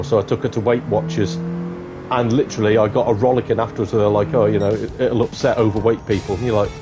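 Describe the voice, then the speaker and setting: A man streaming a game, chatting casually and telling a long joke with laughs. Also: medium pitch. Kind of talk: casual storytelling chat.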